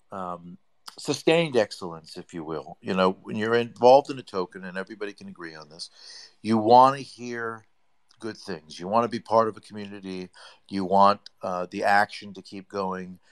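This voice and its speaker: A man on an audio chat, giving long, rambling, effusive praise in a casual way. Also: fairly low pitch. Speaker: community member on an audio chat.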